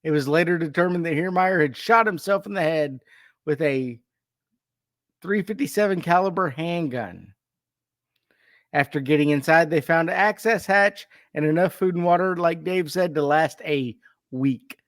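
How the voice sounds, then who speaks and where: Laughing podcast host, dry close mic. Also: male voice, on the high side, moderate pace, a bit bright, no room sound. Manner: laughs often, tells anecdotes with quoted dialogue. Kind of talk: casual chat, reading a story aloud.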